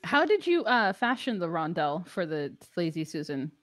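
Female guest player; lower pitch, curious, joking, dry mic. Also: very animated, dry recording. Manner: curious, talkative, quick to joke. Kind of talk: casual board game chat.

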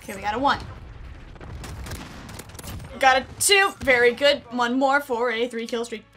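A woman streamer giving excitable, chatty commentary over her own gameplay, often gasping and exclaiming. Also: a little high, measured pace, slight background noise. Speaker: gaming streamer. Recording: game music and gunfire behind.

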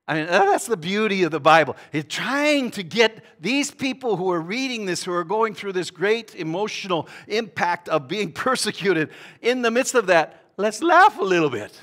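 A man, a guest pastor, preaching a sermon that swings between loud bursts and hushed, tender passages. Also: high voice, expressive, moderate pace.

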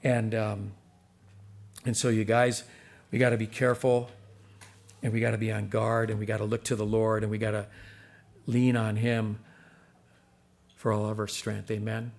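A man's voice: on the low side, flat delivery, moderate pace, long pauses, darkish tone. A male pastor preaching a sermon in an earnest, conversational way, speaking straight to his congregation and pushing harder on the points he stresses.

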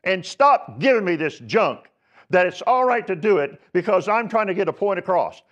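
A man's voice: high-pitched, big pitch swings, moderate pace, fairly bright tone, highs cut off. A man preaching a sermon as pastor, telling folksy stories and building to emphatic exhortations. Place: church sanctuary.

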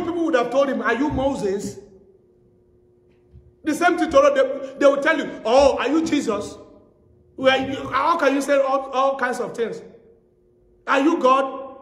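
Pastor, male, high-pitched storytelling sermon, echoey hall sound. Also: a bit bright. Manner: storytelling preacher, repeats phrases for emphasis.

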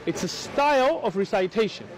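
A man's voice: high voice, expressive, normal speed, rough recording. An American man preaching in a heated street debate, lecturing and insisting on finishing his point over interruptions.

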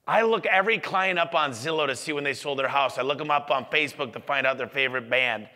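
Lively guy pumping up a crowd about sales, bright voice, long echo in a big hall. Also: mid-range voice, fairly quick. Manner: energetic, acts out customer dialogue. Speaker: business owner giving a talk. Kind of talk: motivational business talk. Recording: echoey hall.

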